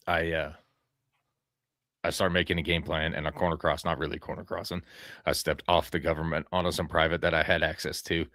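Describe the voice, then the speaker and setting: A man's voice: low-pitched, a bit bright, no room sound, clean studio sound. A man hosting a podcast, telling a hunting story in a casual, rambling way, swearing freely and acting out his own lines.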